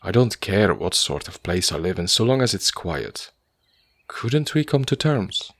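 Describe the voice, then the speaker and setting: A man's voice: deep voice, big pitch swings, measured pace, a bit bright, dry recording, exaggerated voice. A man voicing a poor young writer who talks with easy good humour and earnestness. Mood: cheery. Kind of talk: audiobook character voice.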